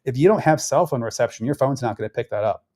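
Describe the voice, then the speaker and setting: A man talks through local politics in a loose, conversational way. He rambles, trips over his words and circles back to finish his thoughts. His voice sits at an ordinary middle pitch. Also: expressive, fast talker, mellow. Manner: rambling, conversational, frequent restarts and fillers. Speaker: political commentary host. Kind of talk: casual political commentary.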